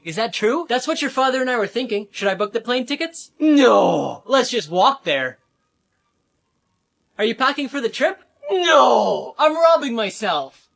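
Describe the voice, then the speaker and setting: Man doing sarcastic sketch comebacks. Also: extremely high pitch. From San Diego. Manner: sarcastic deadpan comebacks, switching between characters. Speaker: comedy creator. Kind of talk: comedic sketch skits.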